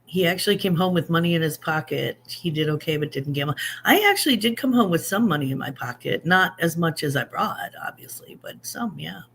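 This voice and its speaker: Low and gravelly with a breathy edge, her voice is fairly bright and lively, and she talks briskly with few pauses. She's a woman in her fifties hosting a relaxed livestream, cracking self-deprecating jokes and answering comments she reads aloud.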